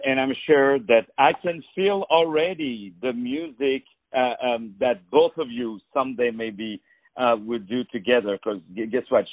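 A man's voice: medium pitch, dry recording, phone-quality sound. A man hosting a radio show who interviews a guest over the phone, effusive and heaping on praise with repeated words. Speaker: radio host.

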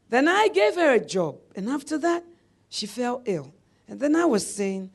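A woman's voice: on the high side, very animated, moderate pace. A middle-aged woman preacher delivering a sermon, telling a personal story with laughter and calls of amen.

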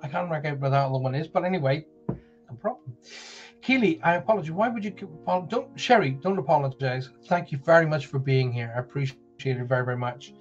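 A man with a softened Northern Irish accent, hosting a live show and chatting warmly to viewers as he reads out their messages. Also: a little high, expressive, quick pace, highs cut off, faint music behind. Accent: soft Northern Irish. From Northern Ireland. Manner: chatty, rambling, reads messages aloud with put-on voices. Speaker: host of a live call-in show.

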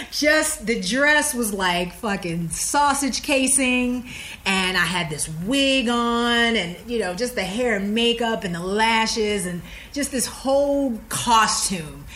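A woman guest telling a story in a casual interview, lively and frank, acting out the voices of the people she quotes. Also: takes it slowly. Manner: animated, acts out quoted dialogue with big pitch jumps. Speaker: podcast guest.

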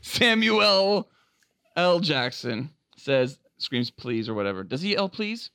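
A man co-hosting a casual podcast, excitable and quick to laugh and react. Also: medium pitch, clean tone. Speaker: podcast co-host.

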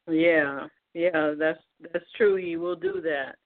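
A woman host and minister interviewing a guest on a faith talk show, affirming and asking slow-building questions. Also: low voice, steady tone, no echo. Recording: dry, tinny phone line.

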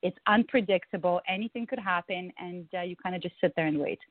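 A woman talks as a guest, warm and laughing often. The sound is dry and tinny, like a phone line. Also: fairly low pitch, fast talker, no echo. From Ukraine. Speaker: guest, branding agency co-founder. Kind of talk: casual interview talk.

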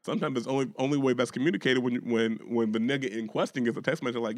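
A man's voice: medium pitch, rapid-fire, few pauses, long reverb tail. A man co-hosting a podcast, arguing his point in casual, profane chat and often restarting his sentences. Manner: argumentative, stammering restarts, profane. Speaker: podcast co-host.

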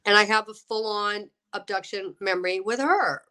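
Bright-voiced woman telling a lively story. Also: mid-range voice, normal speed. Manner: lively, acts out quoted voices, laughs often. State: getting over a cold. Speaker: guest, actress and UFO experiencer. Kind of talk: animated storytelling.

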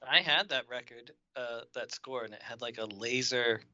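A man co-hosting a casual podcast, talking about films in quick, animated bursts and slipping into impressions. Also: mid-range voice, dry recording. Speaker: podcast co-host. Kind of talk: casual film chat. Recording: dull lo-fi podcast audio.

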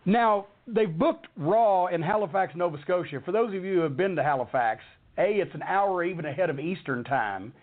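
A middle-aged man with a fairly high voice tells a long, rambling backstage story, swearing freely and getting worked up as he goes. The sound is thin and tinny, like a phone line. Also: expressive, moderate pace. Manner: heated, cursing, rambling storyteller. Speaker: wrestling storyteller. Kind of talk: profane anecdote on a talk show.

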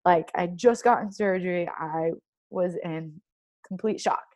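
Young female athlete guest, casual and lively storyteller, acts out quoted lines in her own voice. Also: fairly low pitch, unhurried. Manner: animated, heavy use of "like", acts out quoted dialogue. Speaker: guest, professional soccer player.

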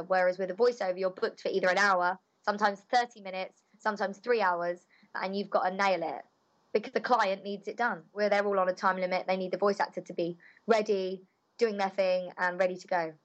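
A young woman talks in a cheerful, bubbly manner. She is a voice actor giving relaxed, chatty answers in an interview. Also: medium pitch.

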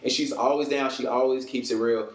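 A man's voice: mid-range voice, a little fast, echoey room. A man from the States, a podcast guest telling stories in casual chat and acting out what others said. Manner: animated storyteller, acts out quoted voices.

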